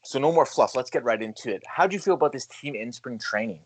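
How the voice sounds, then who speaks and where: A man co-hosting a casual sports podcast, hyped and loud on the intros. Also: medium pitch, animated, fast, slight background noise. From Canada. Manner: hyped, shouty announcer-style intros. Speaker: podcast co-host.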